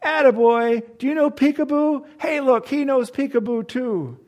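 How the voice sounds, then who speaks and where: A man voicing a drunk old male vagrant who loudly calls out sing-song baby talk across a room. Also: very high-pitched, normal speed, voice pushed up. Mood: boisterous.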